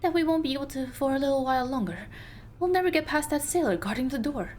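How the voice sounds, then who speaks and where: A woman's voice: sits high, lively intonation, fast talker, a little mellow, a little hiss or hum, pitched above the performer's own voice. Woman voicing a prim, earnest young assistant. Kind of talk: reading game dialogue aloud.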